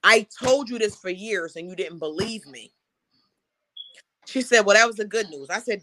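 A woman hosting a casual talk show, telling a personal story in a frank, animated way with laughs. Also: medium pitch, normal speed, pauses often, dry recording. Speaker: host.

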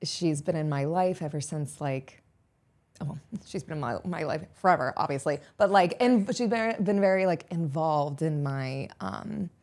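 A woman's voice: low-pitched, a little mellow. A woman in her twenties talking as a podcast guest, earnest and open, with lots of "like" fillers. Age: 20s. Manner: earnest, heavy use of "like" fillers. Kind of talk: casual chat.

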